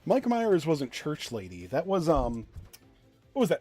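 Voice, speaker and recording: A man's voice: fairly high pitch, very animated, moderate pace, mellow, breathy edge, soft background music. Blunt rambling male game streamer. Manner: blunt, rambling, self-deprecating, swears. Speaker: gaming streamer. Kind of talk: casual live-stream commentary.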